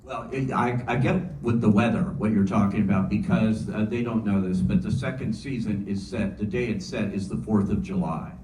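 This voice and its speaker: A man moderating a panel Q&A, chatty and halting with many fillers. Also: on the low side, steady tone, mellow. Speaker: moderator, film journalist. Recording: roomy hall, distant mic, faint noise.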